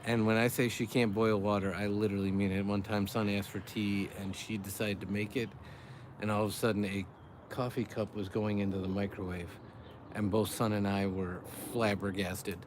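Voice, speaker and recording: A man's voice: on the low side, flat delivery, moderate pace, background noise. A man hosting a casual live chat by a backyard fire at night, joking and laughing as he talks to viewers. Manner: joking, laughs often, reads chat aloud. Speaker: livestream host, father.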